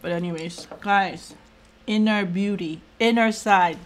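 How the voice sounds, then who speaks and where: A woman's voice: medium pitch, a little slow. A mother in her thirties hosting a casual mukbang chat, chatty and teasing, laughing often. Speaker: channel host and mother.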